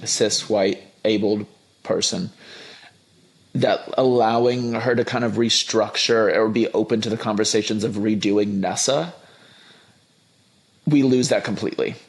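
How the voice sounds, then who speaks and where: A man's voice: on the low side, steady tone, measured pace, creaky, pauses often. A young man in casual chat, giving emphatic opinions in a film review, often restarting his sentences. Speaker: podcast guest.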